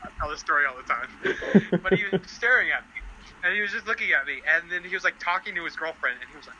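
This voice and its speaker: A young man telling a story as a podcast guest, animated and laughing often. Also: fast talker, lo-fi sound, a little hiss or hum. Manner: animated, laughing often, voice jumping high in quotes. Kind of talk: casual storytelling chat.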